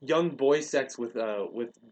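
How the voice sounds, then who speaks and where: A man's voice: medium pitch, slow. Young man telling a story casually. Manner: animated retelling, acts out quoted lines. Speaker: podcast host.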